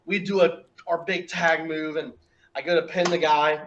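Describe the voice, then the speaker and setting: A man guest telling a story in casual chat, animated, acting out the quotes and laughing along the way. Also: on the high side, normal speed, muffled recording, a little hiss or hum. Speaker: guest wrestler.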